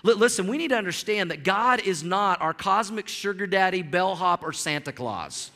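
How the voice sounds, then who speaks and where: A middle-aged man, a pastor, preaching an animated, storytelling sermon in a church, often repeating words as he builds up steam. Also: sits high, moderate pace, in a large hall. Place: church sanctuary.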